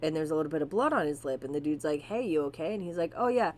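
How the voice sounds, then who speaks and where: A woman co-hosting a podcast, telling wild stories in a casual, animated way, swearing freely and sometimes reading aloud. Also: deep voice, racing, slight background noise. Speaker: podcast co-host. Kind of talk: casual storytelling chat with profanity.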